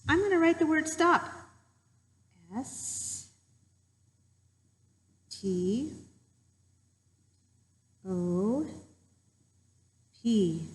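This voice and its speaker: Woman teacher, unhurried storytelling lesson for kids, gentle and patient, echo in the room. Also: fairly high pitch, big pitch swings. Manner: gentle and patient, talks while drawing.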